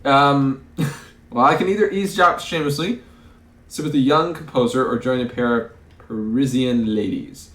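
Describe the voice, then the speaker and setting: A man's voice: medium pitch, moderate pace, fairly bright tone, echoey room. A man playing a story game, reading its text aloud and musing over his choices, often stumbling over words. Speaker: let's play host.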